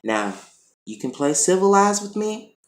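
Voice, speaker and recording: A man's voice: high-pitched, big pitch swings, measured pace, voice pushed up. A man acting out a cornered young man who snaps back with blunt threats. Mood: threatening. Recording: roomy echo.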